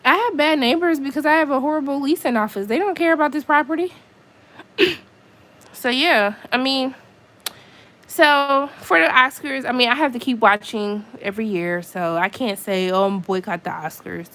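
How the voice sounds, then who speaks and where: Woman, higher pitch, casual live-stream vlogger at home, exasperated venting. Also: moderate pace, fairly bright tone. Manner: venting, exasperated, chatty with asides. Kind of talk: casual chat to viewers. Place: her apartment at home.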